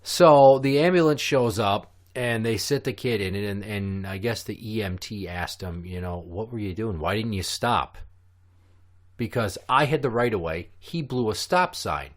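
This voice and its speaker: A man with a fairly low voice tells a story on his podcast, cursing freely. He talks casually and with lots of animation. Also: normal speed, few pauses. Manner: profane, animated. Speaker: podcast host.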